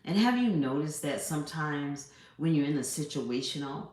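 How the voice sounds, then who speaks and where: A middle-aged woman hosting her own spiritual channel, speaking in a slow, reflective, meditative monologue full of pauses. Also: sits low, expressive, darkish tone, roomy sound.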